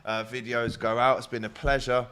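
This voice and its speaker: A man hosts a live-streamed show. He keeps the talk casual and teasing, joking with his guests in a mid-pitched voice. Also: flat delivery, moderate pace, fairly bright tone. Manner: teasing, jokey. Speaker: show host.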